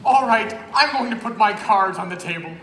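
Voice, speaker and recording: A man's voice: high voice, lively intonation, moderate pace, noisy background. A man playing a nervous, blustery producer with a weak heart in a stage musical. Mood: frantic. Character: frantic fast-talking show producer, man. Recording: echoey hall, live stage.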